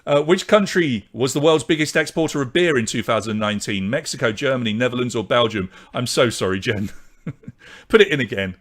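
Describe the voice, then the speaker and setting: The British quizmaster keeps the live online pub quiz moving, briskly reading questions, answers and scores and talking with viewers. Here his voice is medium in pitch and animated.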